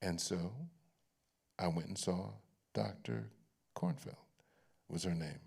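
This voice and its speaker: Man, low voice, gravelly, animated, candid storytelling, onstage guest. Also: takes it slowly. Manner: animated, laughing, repeats and restarts phrases. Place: library event stage.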